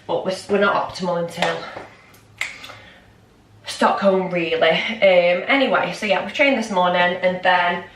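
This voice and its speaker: A woman's voice: mid-range voice, noisy background. Rambling woman vlogging. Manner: rambling and scattered, many ums. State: shaky and out of breath. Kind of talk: casual chatty vlog. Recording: echoey room, mic at a distance.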